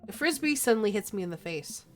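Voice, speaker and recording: A woman's voice: medium pitch, sing-song, fast, faint music behind. A woman streamer playfully reading a dating game aloud and chatting with viewers.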